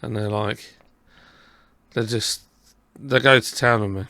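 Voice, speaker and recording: A man's voice: on the low side, fairly even intonation, a little slow, pushed and bright, dry recording. A man with a southern English accent hosting a casual podcast chat, talking in a rambling, self-deprecating way. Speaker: podcast host.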